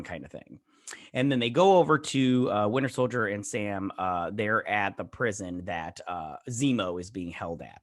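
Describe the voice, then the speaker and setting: A man's voice: lowish voice, moderate pace, no room sound, studio quality. Rambling man reviewing a TV episode. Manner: rambling, lots of fillers and retellings. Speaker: YouTube reviewer. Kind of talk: casual spoken review.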